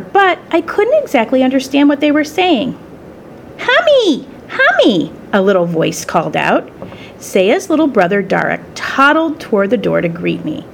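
A woman reading a children's story aloud in the first person, with expressive storytelling. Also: fairly high pitch, creaky, slight background noise. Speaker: storybook reader.

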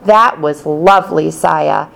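A woman's voice: sits low, creaky, fairly bright tone, heavily acted. A woman voicing a firm but kind female schoolteacher in an audiobook. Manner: firm, measured. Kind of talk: audiobook character reading.

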